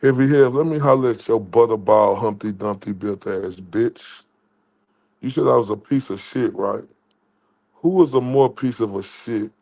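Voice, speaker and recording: A man's voice: lowish voice, normal speed, a little mellow. A man from Dallas, Texas hosting a livestream and ranting with profane, repetitive insults. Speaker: livestream host. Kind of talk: heated livestream rant.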